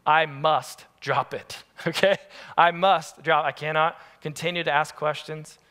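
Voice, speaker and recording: A man preaching a sermon as pastor, telling family stories in an animated, lively way. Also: on the high side, unhurried. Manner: animated, acts out family scenes. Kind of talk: storytelling sermon. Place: church sanctuary. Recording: long church-hall reverb.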